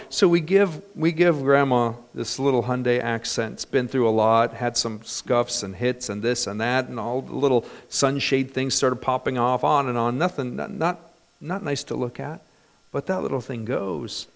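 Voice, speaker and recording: A male pastor preaching a sermon in a church, animated, with bursts of loud emphasis. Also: medium pitch, normal speed.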